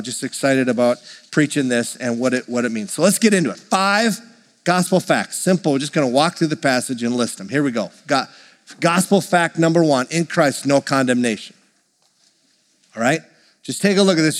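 Male pastor with a slightly high voice, preaching with lively conversational enthusiasm, long church-hall reverb. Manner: conversational, enthusiastic preaching with slow emphatic scripture reading. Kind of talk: sermon.

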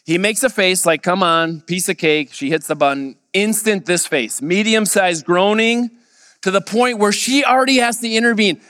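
A man preaching a sermon, his smooth, clear voice sitting fairly high. He tells a story, livening up the quoted lines. The sound carries a long reverb tail, as from a large hall. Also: normal speed, few pauses. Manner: storytelling, quoting others in a lively voice. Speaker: pastor. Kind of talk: sermon with anecdote.

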